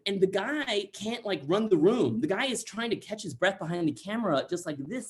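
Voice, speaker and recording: A man's voice: high-pitched, a little fast. A man from Central Texas telling a funny personal story over a video call, chatty and full of asides. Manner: animated, chatty, many likes and asides.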